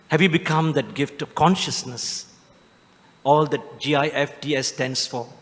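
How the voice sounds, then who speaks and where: A man with a Malaysian English accent, a Catholic priest giving a homely, joking Christmas homily with drawn-out emphatic phrases. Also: mid-range voice, fairly bright tone. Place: large church. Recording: long church reverb.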